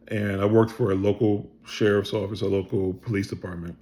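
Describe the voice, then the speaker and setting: A middle-aged man telling his own story in a casual, animated way, acting out other people's lines and swearing freely. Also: lowish voice, normal speed, creaky, hardly any pauses. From Pennsylvania.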